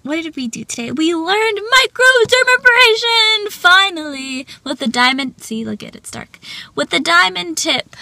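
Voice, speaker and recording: A woman's voice: high-pitched, vocal fry, bright, forceful tone, no room sound. A young woman chatting casually in a vlog, bubbly and full of filler words, stuffy from allergies. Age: young adult. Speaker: vlogger. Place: car and home, phone vlogging.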